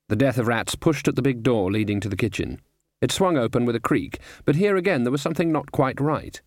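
A man reads a comic fantasy novel aloud in a wry, even storybook manner. His voice sits at a middle pitch. The recording is dry and close, with no room sound. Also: brisk, no room sound. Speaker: audiobook narrator. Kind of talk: storybook narration.

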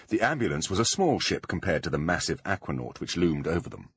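Low, husky, animated male narrator. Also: fairly quick, hardly any pauses, dry recording. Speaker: audiobook narrator. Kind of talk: storybook narration.

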